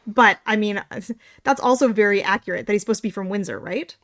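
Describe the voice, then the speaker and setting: A woman's voice: mid-range voice, fast, a bit bright. Chatty Canadian woman co-hosting a podcast. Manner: chatty, tangents, sarcastic asides. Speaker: podcast co-host. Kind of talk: casual chat.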